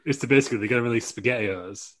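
A man casually pitching a made-up storyline, laughing often and rambling into quick impressions. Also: a little hiss or hum.

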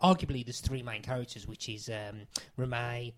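A man's voice: mid-range voice, fairly even intonation, moderate pace, crowd noise. A man co-hosting a film podcast, rambling and joking in casual chat. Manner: rambling, jokey, many restarts.

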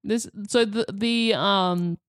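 A woman's voice: medium pitch, takes it slowly, clear, resonant tone, dry recording, studio quality. A woman co-hosting a podcast, recounting a story in casual chat, full of ums and likes as she searches for details. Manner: hesitant, many ums and likes. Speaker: podcast co-host.

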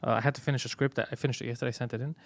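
A man hosting a casual comedy podcast, telling a story in an animated way and swearing a lot. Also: mid-range voice, racing, gravelly, dry recording. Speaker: podcast host.

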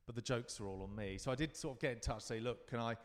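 A man's voice: medium pitch, quick pace, long reverb tail. A man in his fifties from London, a guest performer in a live interview, telling rambling, reflective stories with frequent restarts. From London, England.

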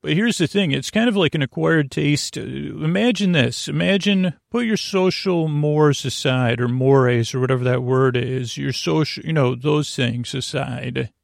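A man hosting a sleep podcast, talking in a creaky voice and wandering off on tangents in a meandering bedtime ramble. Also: fairly high pitch, normal speed, hardly any pauses, dry recording, studio quality.

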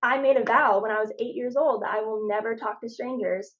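A woman's voice: on the high side, fairly quick. Chatty woman guest, slightly muffled audio. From Phoenix, Arizona. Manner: animated storyteller, lots of "like" and restarts. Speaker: podcast guest. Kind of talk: casual faith podcast conversation.

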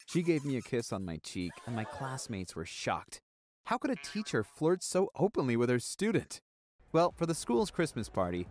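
Brief: male story narrator, animated and wry. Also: mid-range voice, moderate pace.

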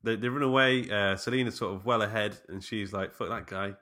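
A man's voice: fairly low pitch, brisk, pushed and bright. A man co-hosting a casual film podcast, rambling with many fillers. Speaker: podcast co-host.

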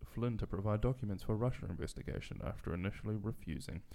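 A man's voice: fairly low pitch, quick pace, vocal fry, hardly any pauses, warm tone. A man co-hosting a casual chat, dry and crude with mocking jokes.

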